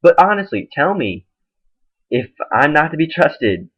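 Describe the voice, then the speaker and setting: A man's voice: fairly high pitch, big pitch swings, measured pace, breathy edge. Young man ranting into a webcam. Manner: exasperated, retells a quarrel in quoted back-and-forth. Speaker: webcam vlogger. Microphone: webcam microphone. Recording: dull lo-fi webcam audio.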